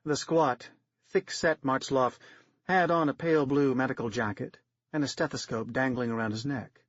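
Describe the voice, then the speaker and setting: Guy reading an audiobook, wry n steady, dead dry sound, a bit muffled. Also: medium pitch, moderate pace, no room sound. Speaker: narrator. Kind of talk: audiobook narration. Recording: dry, slightly dull lo-fi recording.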